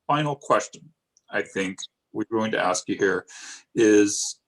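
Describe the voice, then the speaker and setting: A man hosting a casual interview, speaking in a relaxed, loose way as he wraps things up. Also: lowish voice, measured pace, poor audio. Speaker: host.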